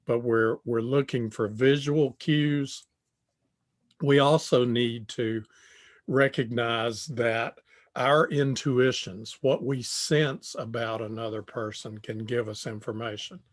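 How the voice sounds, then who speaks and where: An older man giving a tutorial lecture on communication, speaking deliberately and repeating phrases as he thinks. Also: mid-range voice, fairly even intonation. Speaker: tutorial presenter.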